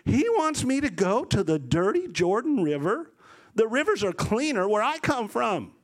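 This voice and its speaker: Outraged proud general, pitched way up , put on by a male preacher. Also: very animated, rapid-fire. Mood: indignant. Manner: loud, outraged.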